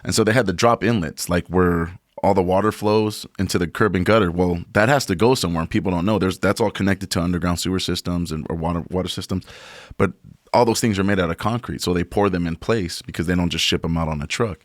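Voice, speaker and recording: A man's voice: low-pitched, quick pace, no echo, studio quality. A man on a podcast telling a long work story in a casual, profane way, saying "bro" a lot. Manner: profane, animated, says "bro" often.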